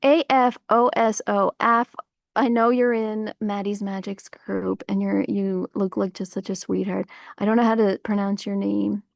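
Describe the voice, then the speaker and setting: A woman's voice: mid-range voice, unhurried, gravelly, no echo, clean studio sound. A woman livestreaming outdoors, rambling in casual chat with her viewers and filling her talk with likes and you-knows. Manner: rambling, animated, full of fillers. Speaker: livestream host.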